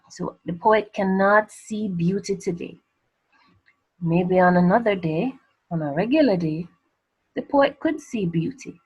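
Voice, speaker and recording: A woman teacher explains exam answers in a patient, conversational way. Her voice sits low and has a breathy, husky edge. She keeps posing rhetorical questions and then answering them herself. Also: a little mellow, poor audio. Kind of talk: exam revision lesson.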